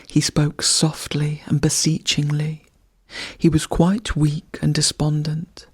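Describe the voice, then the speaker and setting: Slow, soft-whispered bedtime narrator. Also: mid-range voice, level tone, slightly rough, no room sound, clean studio sound. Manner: soft, half-whispered reading. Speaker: audiobook narrator.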